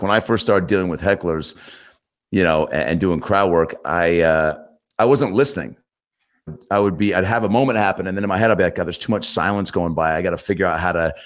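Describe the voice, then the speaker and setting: A man, a comedian and actor, telling stories as a guest in a casual interview, acting out what people said. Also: low voice. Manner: animated storyteller, acts out quotes.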